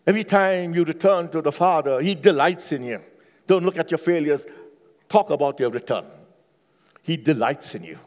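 A man preaching a sermon with passion, swinging from hushed, low pleading to loud, high exclamations. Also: animated, moderate pace. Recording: long hall reverb.

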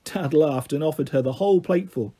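A man narrating a children's book in a gentle, steady reading voice. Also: a little high, a little fast, husky. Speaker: storyteller.

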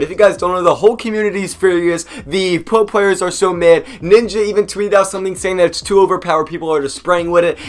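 A man hosting a gaming video, narrating in a casual, energetic way and talking straight to his viewers. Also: sits high. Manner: energetic, chatty, addresses viewers directly. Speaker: gaming YouTuber.

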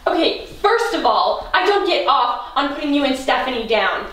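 A woman's voice: high-pitched, big pitch swings, normal speed, fairly bright tone. An actress playing a frank young woman who speaks bluntly and swears when riled. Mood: cutting. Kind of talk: indie film drama acting. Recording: far-off mic in an echoey room, faint noise.

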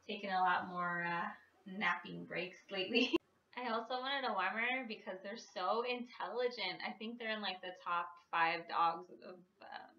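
A woman's voice: mid-range voice, sharp tone, highs cut off, a little hiss or hum. A woman vlogger chatting casually to the camera, with lots of fillers and small laughs. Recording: echoey room, mic at a distance.

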